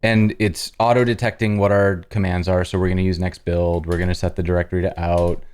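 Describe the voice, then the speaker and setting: Host, male, deep voice, narrates his coding steps casually, keys clacking behind. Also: little pitch movement, a little mellow, smooth. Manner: talks through each step as he types, halting restarts. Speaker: host live-coding on stream. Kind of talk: casual live-coding chat.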